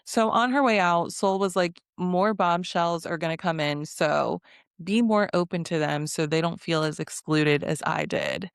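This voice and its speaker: A woman's voice: fairly low pitch, unhurried, creaky, smooth, no echo, clean studio sound. A woman giving a casual reality TV recap, blunt, sassy and profane, often breaking into laughter. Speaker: recap vlogger.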